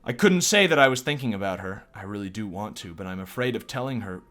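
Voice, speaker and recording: A man's voice: on the low side, expressive, fast, a bit bright. A man reading the lines of a lovestruck, shy young schoolgirl narrator aloud in his own plain voice. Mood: wistful.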